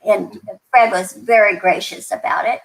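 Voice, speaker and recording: A woman's voice: medium pitch, steady tone, normal speed, creaky, poor audio. An older woman from New Mexico, a podcast guest chatting casually and rambling through stories with lots of restarts and fillers. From New Mexico, USA. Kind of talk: casual interview storytelling.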